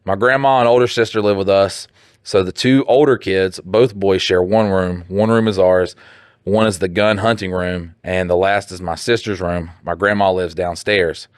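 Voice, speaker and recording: Low-voiced guy on a podcast, cussing and cracking jokes, dead dry mic. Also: moderate pace, clean tone, dry recording. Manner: animated, joking, breaks into laughter, jumps up in pitch for mock voices. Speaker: podcast co-host reading listener posts. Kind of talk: casual profane banter.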